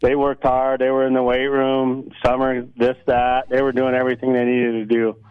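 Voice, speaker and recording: A man's voice: medium pitch, monotone, normal speed, clear, resonant tone. Brief: plain-spoken male coach in his forties, muffled lo-fi call audio. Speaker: high school coach. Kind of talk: phoned-in radio interview. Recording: dull lo-fi line.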